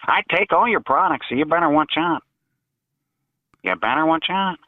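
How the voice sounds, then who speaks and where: A man's voice: on the high side, expressive, moderate pace, no room sound, natural voice. Man putting on a cartoonish caller voice, boastful, drawling, tinny phone line, dry sound. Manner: boastful, drawling, repeats "mister". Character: gruff male prank caller in a cartoonish put-on voice.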